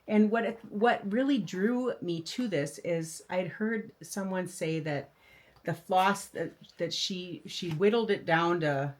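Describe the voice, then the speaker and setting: A woman's voice: fairly low pitch, slow pace. Older woman, craft video host, casual show-and-tell, rambling, enthusiastic. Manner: chatty, enthusiastic, rambling with fillers. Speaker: flosstube host.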